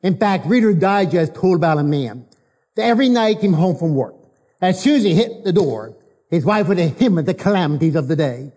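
A man with a rather high voice delivers a sermon to a congregation. His tone is warm and mellow, and he carries the message with short anecdotes and emphatic repetition of his key line. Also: lively intonation, a little fast, slightly rough. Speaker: guest preacher.

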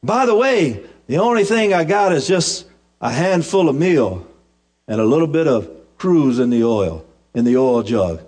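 A man's voice: on the high side, very animated, measured pace, darkish tone. A man preaching a sermon in a folksy storytelling way, with humorous asides and repeated, restarted phrases.

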